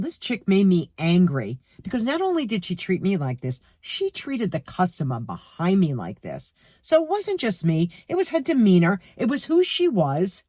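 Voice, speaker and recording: A middle-aged woman with a New York accent ranting to her viewers about a rude cashier, heated and animated, speaking to them directly. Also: fairly low pitch, dry recording, clean studio sound. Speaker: vlogger. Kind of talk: storytime rant to camera.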